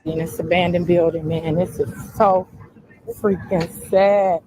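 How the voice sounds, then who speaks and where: A woman streaming live from a city street, praying aloud with drawn-out pleas in deep anguish. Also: fairly even intonation. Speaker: livestream host. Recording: outdoor crowd and traffic noise.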